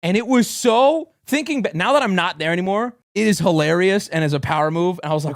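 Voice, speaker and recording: A young man streaming, telling a story to his chat in a casual, profane way with loud outbursts. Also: sits high, animated, fast talker, few pauses, no echo, clean studio sound.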